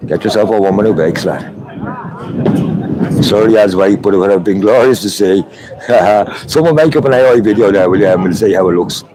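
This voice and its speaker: An Irish man talks to his live audience from a phone while he walks through a street protest outdoors. His voice sits low and sounds warm and relaxed. He chats casually and greets each viewer by name. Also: rough recording. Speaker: livestreamer.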